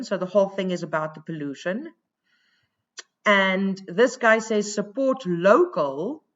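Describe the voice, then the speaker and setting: A woman teacher giving a recorded lesson, thinking aloud as she goes and pausing often with fillers. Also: medium pitch, lo-fi sound.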